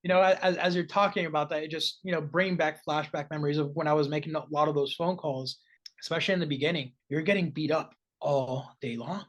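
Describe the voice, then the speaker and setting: A man's voice: a little high, fairly even intonation, quick pace, highs cut off. A man chatting casually on a podcast as a real estate investor, often tagging his points with "right?" and restarting phrases. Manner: conversational, frequent "right?" tags and restarts.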